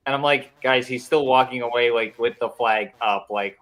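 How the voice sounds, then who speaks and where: A man's voice: mid-range voice, fairly even intonation, fast, few pauses, a bit bright, low-quality recording. A man co-hosting a casual podcast chat, retelling things with a wry, sarcastic edge. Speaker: podcast co-host.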